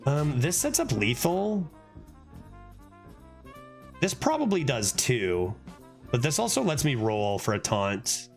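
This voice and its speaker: A man's voice: medium pitch, slow pace, pauses often, soft background music. A man streaming a card game, chatting casually, swearing and breaking into laughing outbursts. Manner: animated, swears often, frequent laughing outbursts. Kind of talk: casual gameplay commentary.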